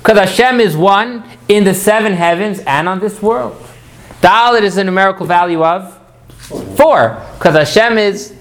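Man teaching a text class, halting starts. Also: high-pitched. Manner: repeats words at starts, asks the class questions.

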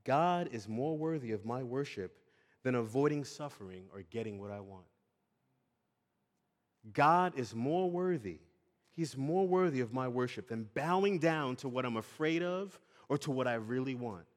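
A man preaching a sermon earnestly, asking his listeners questions and moving between quiet and raised passages. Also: mid-range voice, expressive, normal speed. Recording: long hall reverb.

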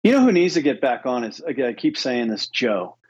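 A man's voice: mid-range voice, sing-song, fairly quick, darkish tone, husky, muffled recording. A man co-hosting a podcast in easygoing, rambling casual chat, agreeable and loose. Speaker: podcast co-host.

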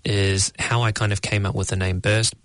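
A young man, answering interview questions about his art in a measured, thoughtful way, often searching for words. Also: fairly low pitch, flat delivery, a bit bright, no echo. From New Zealand. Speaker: guest artist.

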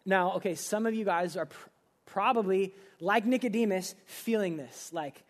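High-voiced earnest young male preacher. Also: normal speed. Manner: earnest, swinging between loud pleading and hushed intensity; casual, uses many filler "like"s. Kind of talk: sermon.

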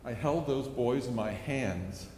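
Pastor with a lively, echoing voice. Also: male voice, mid-range voice, unhurried, slight background noise. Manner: earnest storytelling, acts out a child's pleading. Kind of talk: sermon. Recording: echoey hall with long reverb.

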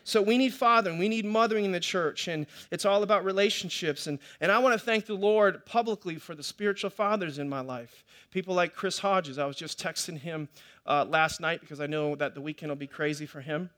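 Middle-aged male pastor, high bright voice, chatty sermon storyteller who often restarts. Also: a little fast. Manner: conversational storytelling, with many restarts and repetitions.

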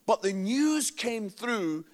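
A travelling evangelist delivers a sermon-style talk to a live audience in a hall, his voice sitting high and very animated at a slow pace. He keeps it chatty and jokey, often checking in with "yeah?".

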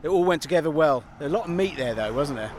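Man, London accent, rambling silly banter, higher voice, faint road noise. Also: animated, fast talker, a little mellow. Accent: London English. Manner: rambling, playful, silly wordplay. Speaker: podcast co-host. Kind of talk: casual banter on a walk. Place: outdoors on a common by roads.

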